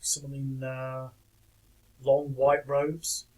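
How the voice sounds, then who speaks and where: A man talking through clips in a loose, casual commentary style, dry and wry and openly skeptical. His voice sits at an ordinary middle pitch, and he chuckles now and then as he picks things apart. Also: completely flat delivery, takes it slowly, darkish tone, poor audio.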